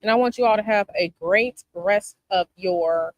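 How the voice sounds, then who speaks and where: A woman's voice: medium pitch, moderate pace, dry recording, highs cut off. A woman from Chicago hosting a casual chat with her viewers outdoors, sassy and emphatic, repeating her advice. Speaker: tarot channel host. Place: outdoors by a palm tree, planes overhead.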